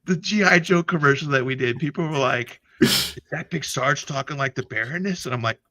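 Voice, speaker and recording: A man hosting a casual livestream chat, animated and profane, laughing often as he tells stories. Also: medium pitch, brisk. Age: older than internet youth. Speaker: podcast host.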